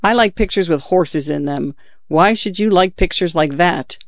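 A man's voice: high-pitched, normal speed, dry recording. A man reading a story, voicing a bitter, idle husband who talks bluntly and sullenly. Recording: dull dry lo-fi recording.

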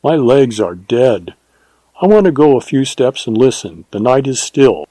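A man reading a husky young ranger. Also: medium pitch, sing-song, unhurried, warm tone, dry recording. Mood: steady. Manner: earnest, husky. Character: young Texas ranger man, steady and bold.

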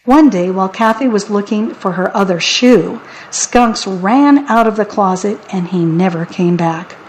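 A woman narrating a children's audiobook in a wry, deadpan way. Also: mid-range voice, measured pace, slight background noise, rough recording.

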